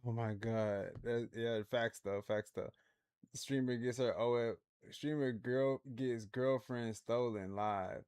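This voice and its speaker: A man's voice: lowish voice, little pitch movement, moderate pace, a little mellow, clear, resonant tone, dry recording, clean studio sound. A man hosting a react livestream in a laid-back, slangy way, laughing often as he chats with viewers. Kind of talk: casual livestream commentary.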